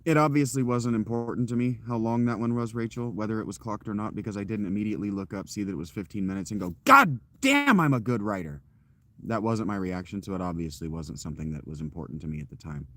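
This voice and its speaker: A man in his thirties chatting casually with his stream while walking outdoors, rambling with fillers and self-corrections in a loud, projecting voice. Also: on the low side, fairly even intonation, quick pace, few pauses, no room sound. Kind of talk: casual live-stream chat. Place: outdoors, walking through a parking lot.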